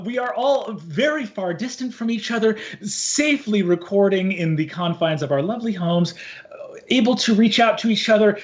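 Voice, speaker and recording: A man's voice: sits high, lo-fi sound. A man narrating a tabletop game as game master, telling the story in a grand, theatrical way from his home.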